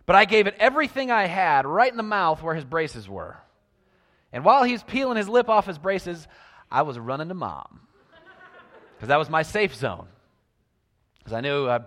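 A man preaching a sermon, telling stories and swinging between loud emphasis and hushed lines. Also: on the high side, in a large hall.

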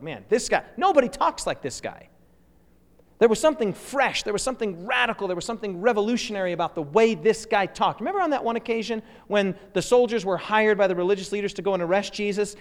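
A man preaching a sermon as pastor, animated and asking the congregation questions. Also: sits high. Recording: long hall reverb.

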